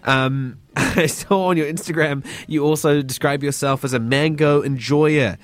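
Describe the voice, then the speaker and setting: A man's voice: a little high, measured pace. Laid-back New radio host man. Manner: laid-back, slangy, chatty. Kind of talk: casual radio interview.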